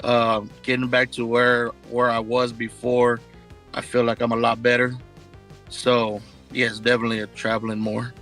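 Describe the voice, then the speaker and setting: Flat-voiced male darts player, halting. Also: mid-range voice, soft background music. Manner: halting, modest, flat delivery. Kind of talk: pre-match interview.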